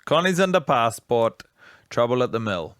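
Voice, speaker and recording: A man's voice: mid-range voice, sing-song, moderate pace, a bit bright, no echo, studio quality. A man co-hosting a podcast, chatting playfully and rambling while watching a film. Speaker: podcast co-host. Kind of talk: casual chat over a film.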